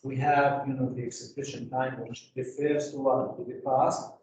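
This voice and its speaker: A man's voice: mid-range voice, little pitch movement, moderate pace, distant mic, muffled recording, background noise. Echoey man teaching grammar to a class. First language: Arabic. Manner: asks the class rhetorical questions, many "you know" fillers. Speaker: English teacher. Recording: echoey classroom taped from afar.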